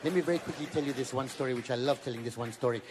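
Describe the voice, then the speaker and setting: A man in his fifties with a Malaysian accent, performing an animated stand-up comedy set and repeating words in rapid bursts. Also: mid-range voice. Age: 50s. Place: large venue with live audience. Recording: echoey hall with audience noise.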